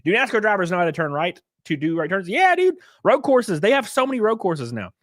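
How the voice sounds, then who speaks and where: A man's voice: sits high, very animated, brisk, no echo, clean studio sound. A young man chatting casually on a livestream, rambling and jokey, with frequent profanity. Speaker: streamer.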